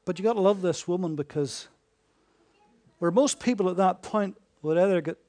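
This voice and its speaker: Male preacher, high voice, sermon delivery, rhetorical questions, hushed to emphatic. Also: normal speed. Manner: swings between hushed and emphatic.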